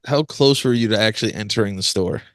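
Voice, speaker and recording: A man co-hosting a podcast, chiming in with quick, teasing reactions in casual chat. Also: lowish voice, no room sound, studio quality. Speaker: podcast co-host.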